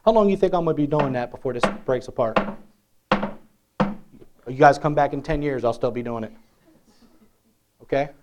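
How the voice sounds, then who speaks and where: A man preaching a sermon in a lively, conversational way, often asking the congregation questions. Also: mid-range voice. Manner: animated, conversational, asks the crowd questions.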